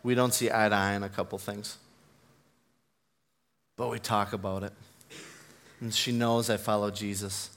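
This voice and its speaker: A man's voice: lowish voice, flat delivery, moderate pace, pauses often, a bit bright. Earnest man preaching a sermon. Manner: earnest, builds to fervent emphasis; tells personal stories with self-deprecating laughs.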